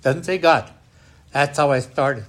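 Emphatic man sharing his recovery story. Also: on the high side. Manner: emphatic, rising and slowing when angry, tag questions "right?". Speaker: speaker sharing at a recovery meeting. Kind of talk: personal recovery testimony.

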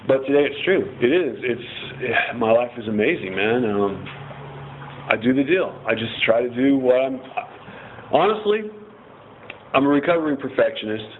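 A man talks through his story at a recovery group in a loose, rambling way, full of profanity and self-deprecating jokes. His voice sits at an ordinary middle pitch. The sound is thin and tinny, like a phone line. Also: lively intonation, moderate pace, a little hiss or hum. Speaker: member sharing at a recovery meeting. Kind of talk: casual personal share.

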